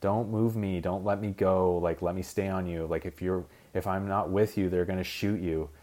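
A man's voice: deep voice, steady tone, normal speed, warm tone, close to an everyday voice. A man putting on the voice of a frightened young woman pleading for the giant ape not to let her go, in a slightly raised, urgent tone.

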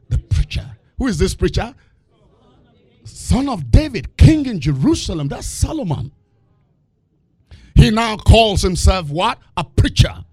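A male preacher giving a lively sermon, asking the congregation questions and laughing between points. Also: mid-range voice, slightly rough, dry recording. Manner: animated, call-and-response questions, laughing asides.

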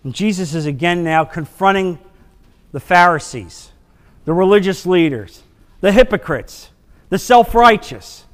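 A man's voice: high voice, long reverb tail. A man teaching a Bible class, reading scripture in an emphatic, dramatic way.

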